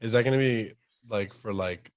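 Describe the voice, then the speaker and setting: A man's voice: lowish voice, moderate pace. A young man co-hosting a podcast, asking questions and teasing his co-host in casual chat.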